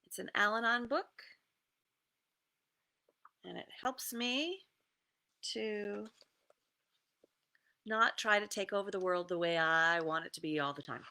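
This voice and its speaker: A woman creativity coach talks slowly and easily through a guided meditation, stopping often with fillers. Her voice is bright but has a gravelly edge. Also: mid-range voice. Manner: easygoing, with many pauses and fillers, and laughs. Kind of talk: casual guided meditation talk with readings.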